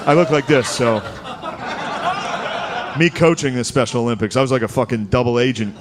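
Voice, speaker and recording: A man's voice: mid-range voice, a little fast. A man doing a stand-up comedy set, telling stories in a crude, profane and laughing way. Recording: noisy live recording.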